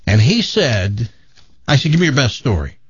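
A man's voice: mid-range voice, sing-song, normal speed, breathy edge, dull audio. A man in casual chat, jumping in with reactions and stories. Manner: chatty, jumps in with reactions. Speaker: co-host.

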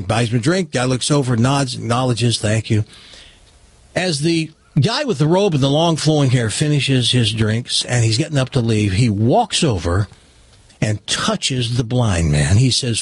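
A man hosting a radio show, telling a long joke in an animated storytelling way. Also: mid-range voice, moderate pace, husky, dry recording. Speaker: radio host.

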